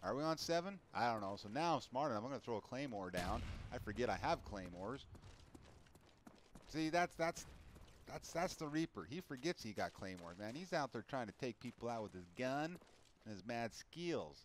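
A very animated man with a mid-range voice commentates his own gameplay at normal speed, ranting in frustration and swearing. The game's loud gunfire and clicks play behind him, with slight background noise.

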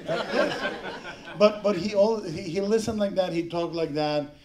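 A middle-aged man from Mexico speaking as a panelist at a film tribute, telling rambling, halting anecdotes with frequent restarts and laughter. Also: high-pitched, crowd noise. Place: panel before an audience.

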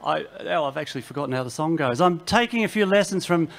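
A man's voice: fairly high pitch, animated, quick pace, creaky. An Australian man, a singer-songwriter, telling wry, self-mocking stories between songs on a festival stage. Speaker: singer-songwriter performing live. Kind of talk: joking between-song stage patter. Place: outdoor music festival stage. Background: loud acoustic guitar.

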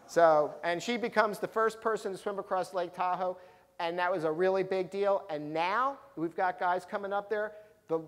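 Animated male storyteller in a big hall. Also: sits high. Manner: animated storyteller, acting out the people in his stories. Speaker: professional speaker, local historian. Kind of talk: storytelling talk to a live audience. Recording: long reverb of a large hall.

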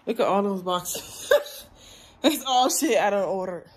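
A woman's voice: mid-range voice, animated, takes it slowly, breathy edge, poor audio. A young woman in a casual vlog, chatting bluntly and swearing freely into a handheld phone. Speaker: vlogger. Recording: loud street traffic noise. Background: passing cars.

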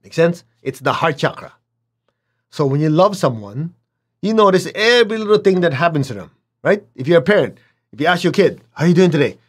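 A man teaching a spiritual lesson, who often checks in with his listeners and acts out little dialogues with big swings in pitch. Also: lively intonation, a little fast, slightly rough. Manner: asks listeners to check in, "okay?", "make sense?".

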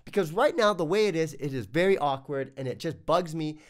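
A man's voice: a little high, expressive, brisk. A man reviewing tech gear in a casual vlog, ranting with exasperation and stumbling over restarts.

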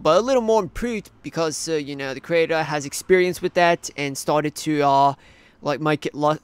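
Man playing a filler-heavy Australian cartoon interviewee, slightly high and smooth, for a hobby cartoon. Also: no room sound, close to an everyday voice. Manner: rambling, full of fillers. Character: rambling male cartoon interviewee, adult.

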